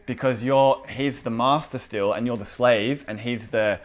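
A young man preaching a casual, conversational sermon with an animated delivery and lots of fillers. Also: mid-range voice, a little slow, hardly any pauses.

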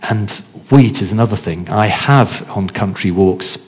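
Low-voiced preacher, conversational. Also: male voice, a little slow. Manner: conversational, asks the congregation questions. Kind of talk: sermon.

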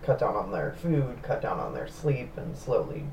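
A man co-hosting a podcast, reacting with jokes and quick remarks. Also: medium pitch, very animated, vocal fry, darkish tone. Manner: reactive, jokey interjections. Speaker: podcast co-host. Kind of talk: casual chat. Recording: roomy distant mic with faint noise.

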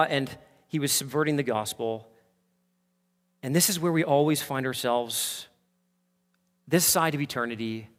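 Male pastor, high voice, fervent sermon delivery, long church-hall reverb. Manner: passionate preaching, swings from hushed asides to impassioned peaks. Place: church sanctuary.

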